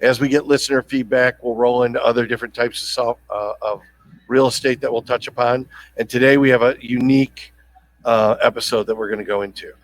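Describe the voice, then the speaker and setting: A man's voice: mid-range voice, steady tone, a little fast, low-quality recording. A man hosting a casual podcast, joking around and rambling with fillers and restarts. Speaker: podcast host.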